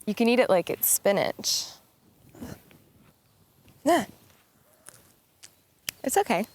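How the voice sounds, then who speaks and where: A woman's voice: fairly high pitch, sing-song, takes it slowly, a little mellow. A woman vlogger giving a silly, playful intro to camera in a backyard tent.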